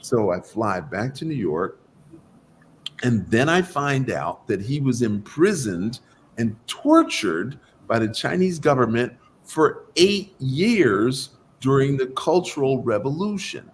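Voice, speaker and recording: A man's voice: medium pitch, takes it slowly, a little hiss or hum. A man, a guest doctor of Chinese medicine, telling his story in an interview and acting out the dialogue in it. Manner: animated, acts out quoted dialogue.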